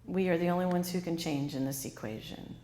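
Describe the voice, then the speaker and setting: A woman's voice: fairly low pitch, brisk, warm tone, long reverb tail, slight background noise. A woman author giving an interactive talk to a live audience, quizzing the listeners and repeating their answers back. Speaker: author and speaker.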